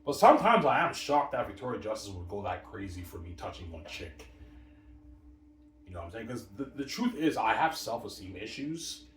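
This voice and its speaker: Low guy rambling and cursing, far from the mic, roomy echo, faint hum behind. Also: very animated, fairly bright tone. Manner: repetitive, profane, drawn-out. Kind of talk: rambling monologue. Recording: echoey room, mic far off.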